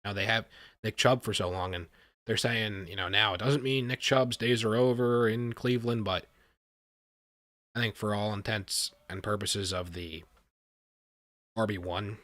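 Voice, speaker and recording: A man hosting a live stream, reacting with excitement and talking to his chat, often repeating himself. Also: fairly low pitch, moderate pace, long pauses, no room sound. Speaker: livestream host reacting to a draft.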